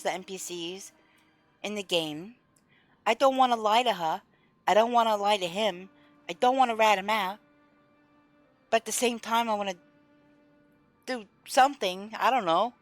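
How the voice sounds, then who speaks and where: A woman live-streaming a game, chatting casually with her viewers and openly voicing her frustration. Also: mid-range voice.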